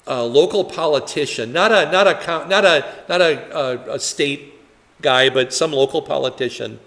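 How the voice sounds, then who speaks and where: A man's voice: on the high side, normal speed, fairly bright tone, big-room sound. A male pastor leading a conversational Bible study, talking in a chatty way with many fillers and rhetorical questions.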